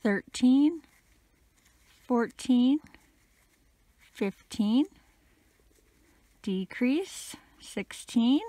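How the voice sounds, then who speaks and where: A woman teaching a crochet pattern, counting stitches out loud, her voice a little crackly today. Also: fairly high pitch, no room sound. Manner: slow, steady counting. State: slightly crackly voice. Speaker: crochet instructor.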